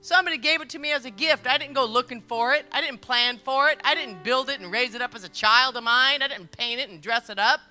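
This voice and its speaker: A woman's voice: high-pitched, fast talker, hardly any pauses, sharp tone, faint music behind. A middle-aged woman pastor preaching a sermon, telling stories emphatically, repeating phrases and laughing along as she goes. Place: church service.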